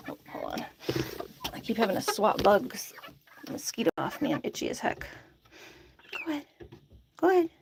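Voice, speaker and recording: A woman's voice: medium pitch, sing-song, moderate pace, vocal fry, pauses often, background noise. A woman chatting casually and coaxing her chickens to drink by their coop outdoors, laughing often. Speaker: chicken keeper vlogger.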